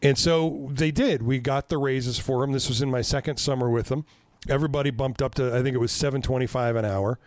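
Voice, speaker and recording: A man in his fifties chatting casually on a podcast, telling stories in a profane, animated way and laughing at himself. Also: mid-range voice, fairly quick, no room sound. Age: 50s. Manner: profane, animated storytelling with self-mocking laughs. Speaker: podcast host.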